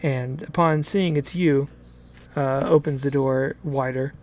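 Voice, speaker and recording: A man's voice: mid-range voice, fairly even intonation, measured pace, a little mellow. A man acting as game master, narrating a tabletop game in a hesitant way, with many restarts. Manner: hesitant, lots of fillers and restarts.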